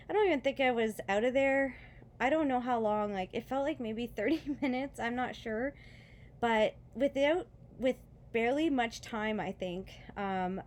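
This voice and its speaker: A woman's voice: on the high side, a little mellow, a little hiss or hum. A woman with children telling her story of faith after foot surgery, earnest and chatty, with many fillers and short laughs, while in pain. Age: adult with children. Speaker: vlogger sharing a testimony. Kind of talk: casual personal testimony.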